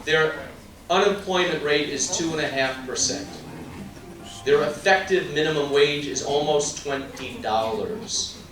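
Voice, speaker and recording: A man's voice: medium pitch, fairly bright tone, a little hiss or hum. Emphatic male candidate in an echoey hall. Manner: emphatic, rhetorical questions, asides to the crowd. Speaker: political candidate. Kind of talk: campaign stump speech. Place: indoor political party meet-and-greet. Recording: very echoey room from far off.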